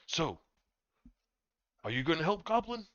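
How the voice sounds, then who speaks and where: A man voicing a gruff, rude, very tall dwarf smith who talks bluntly, heard in dull, dry lo-fi audio. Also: fairly high pitch, sing-song, unhurried, fairly bright tone, dry recording, voice pushed up. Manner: blunt, curt.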